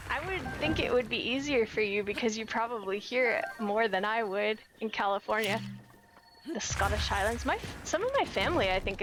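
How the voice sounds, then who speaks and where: A woman's voice: mid-range voice, poor audio. A young woman chatting casually while streaming a game, giggly and self-deprecating. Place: home, lives in California.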